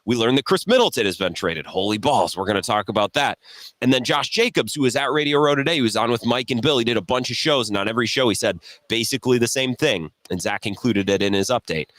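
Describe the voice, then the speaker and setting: A man's voice: medium pitch, a little fast, no room sound. A man hosting a sports radio show, telling stories in a casual, self-deprecating way. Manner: animated, self-deprecating storytelling. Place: radio row broadcast table.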